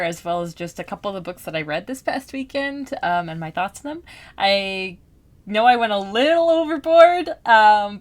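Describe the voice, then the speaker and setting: A woman vlogger in casual chat, rambling and animated, with many fillers and restarts while she plays a game. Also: mid-range voice. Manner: gaming while talking. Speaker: book vlogger.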